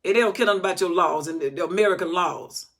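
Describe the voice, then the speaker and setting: A woman's voice: lowish voice, quick pace, a bit bright. A woman teaching the Bible in an emphatic, scolding, repetitive way.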